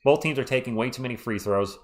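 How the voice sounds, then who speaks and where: A man, hoarse and losing his voice, doing fan play-by-play on a live stream and ranting about referee calls. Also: mid-range voice, fast.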